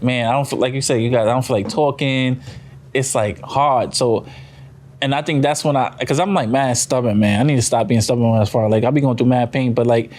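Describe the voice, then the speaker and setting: A man co-hosting a podcast in casual, rambling talk full of "you know what I'm saying". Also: mid-range voice. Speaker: podcast co-host. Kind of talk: casual chat.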